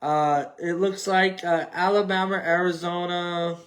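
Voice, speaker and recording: A man's voice: fairly high pitch, level tone, measured pace. A man hosting a solo sports podcast, talking in a rambling, jokey way with a nasal, mumbling voice and many fillers. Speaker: podcast host. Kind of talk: solo sports talk show wrap-up. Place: home setup on a tripod.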